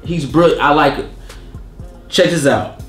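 A man hosting a relaxed TV review, talking fast and animatedly. He slips into quick put-on voices to act out scenes. His voice sits a little high, in an echoey room with faint music under it. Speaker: show host. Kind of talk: casual review chat.

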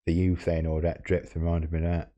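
A man making a comedic prank call, cheeky and mock-outraged, squealing up high when flustered. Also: completely flat delivery, brisk, dark tone, muffled recording. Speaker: prank caller.

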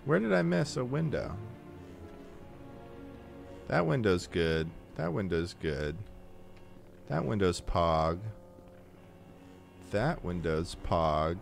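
A man playing a video game on stream, swearing, grumbling and now and then yelling at the game. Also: low voice, very animated, takes it slowly, gravelly, long pauses, faint music behind. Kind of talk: casual gameplay commentary.

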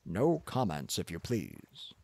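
A man's voice: deep voice, huge pitch swings, slow pace, creaky, a little mellow, slightly rough, dry recording, exaggerated voice. A man voicing a pompous, arrogant older professor who lectures in a condescending manner. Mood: lecturing.

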